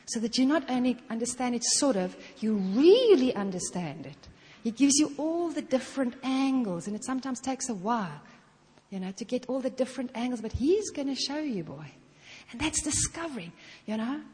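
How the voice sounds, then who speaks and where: A woman's voice: a little high, darkish tone. A middle-aged woman preaching a sermon in a conversational way, often saying "you know" and acting out little prayers in her own voice. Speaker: guest preacher. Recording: long reverb of a hall.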